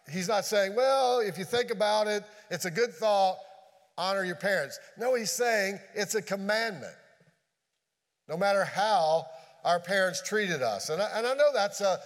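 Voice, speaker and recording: A man preaching a sermon as pastor, earnest, dropping low and quiet on key phrases. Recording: long hall reverb.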